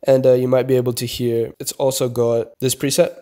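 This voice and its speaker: Chill young guy doing a beat tutorial voiceover, warm low-key voice, kinda rambly. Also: level tone, a little fast, soft background music. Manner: laid-back, explains step by step with fillers like "kinda" and "like". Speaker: beat producer teaching a tutorial. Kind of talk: casual tutorial voice-over. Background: beat playing faintly under the voice.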